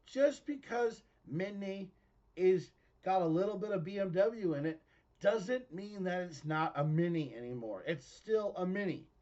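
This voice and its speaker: Man hosting a home web show, high animated delivery, lo-fi sound. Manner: animated, excitable, often laughing. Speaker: host of his own online show. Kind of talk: excitable ranting monologue.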